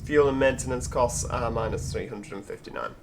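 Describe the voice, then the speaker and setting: A man's voice: medium pitch, a little fast, slight background noise. A man with a Yorkshire accent hosting casual gameplay commentary, chatty, musing aloud and talking to the other drivers. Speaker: gaming channel host.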